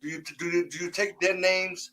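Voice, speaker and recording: A man co-hosting a podcast, asking calm, probing questions in a casual debate, often restarting his sentences. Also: high voice, normal speed, faint music behind, low-quality recording. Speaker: podcast co-host.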